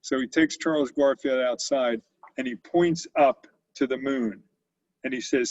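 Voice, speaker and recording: A man's voice: medium pitch, steady tone, measured pace, dry recording, dull audio. An older man who founded a company tells stories as a guest in an interview and acts out the quotes with animation. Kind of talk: storytelling interview.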